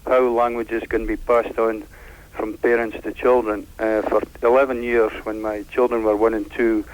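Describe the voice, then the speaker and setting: A middle-aged Scottish man calling into a radio show, measured as he recounts. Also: on the low side, little pitch movement, muffled recording. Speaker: caller.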